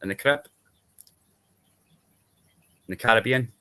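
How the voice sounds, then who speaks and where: Scottish man, casual chat, rambling explainer, tag questions, bright voice, mid pitch. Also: unhurried, clean tone. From Scotland. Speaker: panel guest.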